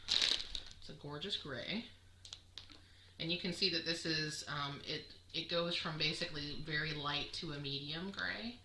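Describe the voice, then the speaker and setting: A woman's voice: sits low, measured pace, bright, forceful tone. A woman hosting a knitting podcast, chatting casually and rambling with many ums as she shows off yarn to the camera. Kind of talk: casual show-and-tell chat. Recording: echoey room with clear background noise.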